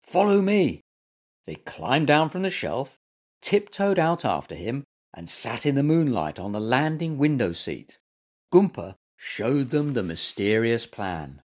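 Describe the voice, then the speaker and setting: A man reading a children's story aloud as its storyteller, gentle and expressive. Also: medium pitch, a little slow.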